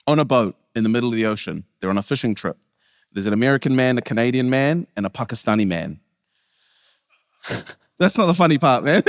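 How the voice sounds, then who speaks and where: Lively New man telling jokes. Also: mid-range voice, clean studio sound. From New Zealand. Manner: joking, self-interrupting storytelling. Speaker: keynote speaker, comedian. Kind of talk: comic keynote speech. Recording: long hall reverb.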